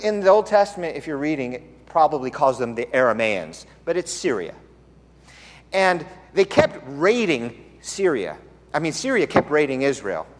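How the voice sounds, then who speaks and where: A man's voice: fairly high pitch, big pitch swings, moderate pace. A man preaching a sermon in a conversational storytelling way, with playful asides. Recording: long hall reverb.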